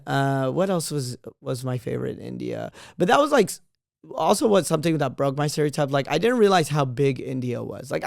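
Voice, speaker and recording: Gravelly young man telling stories. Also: medium pitch, no room sound, clean studio sound. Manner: playful, laughs often, trails off with fillers. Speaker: comedian. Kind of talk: casual storytelling.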